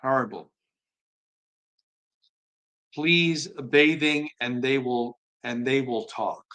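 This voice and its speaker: A man hosting a live stream, reading viewer comments aloud and answering them in an earnest, unhurried way. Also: mid-range voice. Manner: earnest, soft-spoken, admits being slow tonight.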